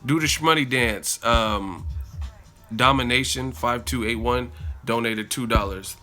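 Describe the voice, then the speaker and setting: A man hosting a boxing live stream, telling stories in a loose, profane, animated way and reading out donations. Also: mid-range voice, unhurried, soft background music. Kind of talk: casual livestream chat.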